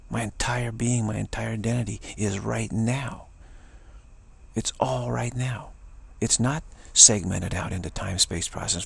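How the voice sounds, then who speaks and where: An older man giving a rambling spiritual talk, meandering and repeating himself, dropping to a whisper for emphasis. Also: mid-range voice. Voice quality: gravelly, husky. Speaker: spiritual teacher.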